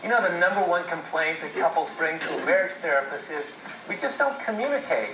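On a video shown on a classroom TV, a marriage seminar speaker with a fairly high, animated voice talks fairly quickly over background music. He tells stories laced with jokes and addresses questions to the crowd, and the playback sounds distant and echoey.

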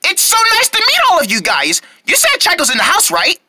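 A woman's voice: high voice, wildly swooping pitch, brisk, pushed and bright, no room sound, studio quality, voice pushed up, exaggerated voice. A woman voicing a polite, cheerful young girl who is new to the group in a homemade toy movie. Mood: friendly.

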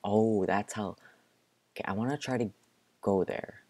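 With long pauses and an unhurried pace, this man narrates his gameplay live, moving from quiet muttering and near-whispers into panicked outbursts. His voice is fairly low and darkish, and the recording is dry.

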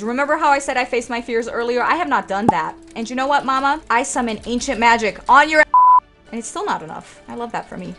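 A woman's voice: a little high, sharp tone. Sassy, dramatic young woman gamer. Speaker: let's play streamer. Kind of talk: gameplay commentary.

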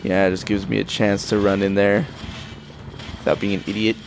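A young adult man giving casual, profane running commentary on his own gameplay, with sudden excited exclamations. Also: fairly low pitch, moderate pace, creaky, a little hiss or hum. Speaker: let's play gamer. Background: game music.

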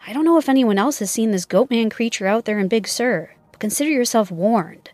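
A woman narrating a first-person scary camping story in a measured storytelling voice. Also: a little high, expressive, a little mellow, no echo, faint music behind. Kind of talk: scripted narration.

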